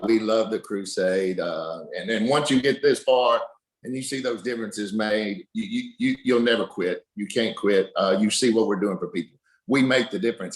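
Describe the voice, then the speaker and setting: A man's voice: on the low side, roomy sound, poor audio. A man giving a motivational talk on a team call, earnest and rallying, repeating words for emphasis.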